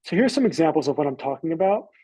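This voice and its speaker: An American man presents a live webinar, explaining things in a relaxed, loose, rambling way full of fillers, pauses and restarted sentences. His mellow, slightly husky voice sits a bit higher than most men's. The recording is dry, close and rough, with no room sound.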